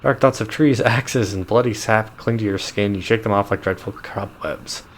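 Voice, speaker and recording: A man's voice: on the low side, moderate pace, a little hiss or hum. A man streaming a game live, reading the game text aloud with amused asides and chuckles. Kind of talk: live gameplay commentary.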